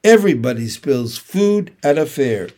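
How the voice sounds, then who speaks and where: A man's voice: on the high side, expressive, normal speed, mellow, natural voice. A man reading aloud and voicing an old sheep who persuasively lists treats at length. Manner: listing things at length, persuasive.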